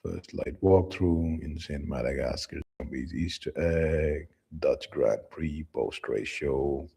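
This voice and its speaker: A man's voice: extremely low pitch, slow pace, creaky, mellow, husky. A man giving casual, rambling livestream commentary in a loose, profane manner. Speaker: streamer reacting to clips.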